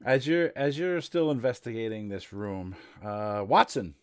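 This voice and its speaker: A man narrating as game master of a tabletop game, halting with many fillers. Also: on the low side, expressive, smooth.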